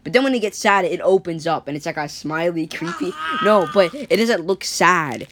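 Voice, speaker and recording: A woman's voice: on the low side, lively intonation, moderate pace. Rambling young-sounding woman telling a story. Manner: rambling, full of likes and restarts. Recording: faint background noise.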